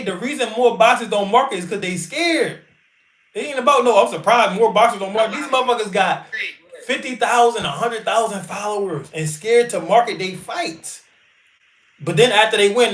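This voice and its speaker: A man's voice: high voice, a bit bright, reverberant. A man, a boxer hosting a livestream, talking bluntly and boastfully with lots of swearing. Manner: boastful, blunt, profane trash talk. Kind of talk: casual livestream talk.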